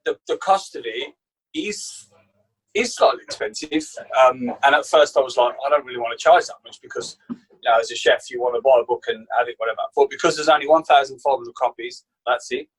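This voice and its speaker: A man with a Birmingham accent, a chef guest telling animated anecdotes in a casual interview. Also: mid-range voice, a little fast, husky, rough recording. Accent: Birmingham English. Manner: animated anecdote teller, acts out quotes. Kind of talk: casual storytelling.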